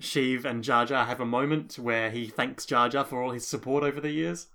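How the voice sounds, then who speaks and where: A man's voice: mid-range voice, steady tone, sharp tone. A man co-hosting a podcast in casual chat, wry and opinionated. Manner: fast, wry and opinionated, laughs often. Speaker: podcast co-host.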